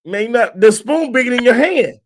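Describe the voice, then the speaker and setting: A man's voice: very high-pitched, expressive, brisk. A man co-hosting a podcast who laughs along and tells his own childhood memories in casual slang. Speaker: podcast co-host. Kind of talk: casual chat.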